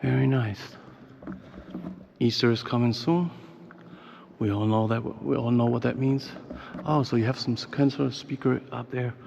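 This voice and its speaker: German guy hosting a walking vlog, rambling, hushed indoors; muffled handheld recording with noise. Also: mid-range voice, fairly even intonation, unhurried, vocal fry. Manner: rambling, many fillers, hushed inside the church. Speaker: travel vlogger. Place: town square, then inside a church. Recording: muffled, noisy background.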